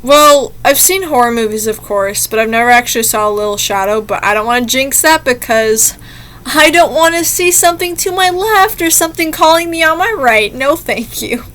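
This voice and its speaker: A woman's voice: high voice, lively intonation, normal speed, a bit bright. A young woman reading short scary stories and chatting between them in a rambling, easily spooked way. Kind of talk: casual reaction commentary.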